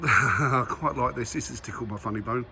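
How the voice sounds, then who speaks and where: Walking through a museum's grounds and aircraft halls, this vlogger gives casual, enthusiastic commentary straight to his viewers. His mid-range voice is creaky and moves at a moderate pace. It's shot on a handheld camera with noisy ambience around him.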